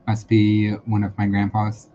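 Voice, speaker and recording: A man's voice: on the low side, monotone, unhurried, mellow. A man hosting a live-streamed tarot and psychic reading, talking casually and reassuringly with lots of fillers and repeated phrases. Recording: dull lo-fi sound with faint background noise.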